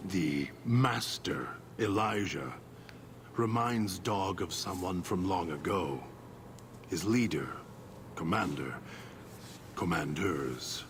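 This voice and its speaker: An actor playing a bitter, hateful male super mutant alter ego in a video game, slow and seething, dropping into rasping whispers. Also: deep voice, expressive, full character voice. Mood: brooding. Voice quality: gravelly, slow and brooding. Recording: clear background noise in game audio.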